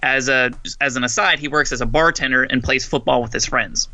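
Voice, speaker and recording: Bright, gravelly young man, dry mic. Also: mid-range voice, fairly quick, dry recording. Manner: relaxed, reads a plot summary aloud with asides. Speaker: podcast co-host. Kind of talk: casual movie chat.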